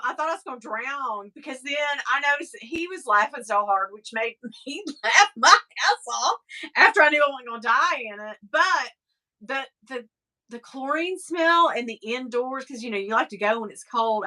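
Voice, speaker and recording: A woman's voice: on the high side, bright, forceful tone. A middle-aged woman from the American South with a Southern accent, rambling and laughing as she chats with her livestream viewers. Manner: chatty, rambling, laughs often, swears casually. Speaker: livestream host reading chat. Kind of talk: casual chat.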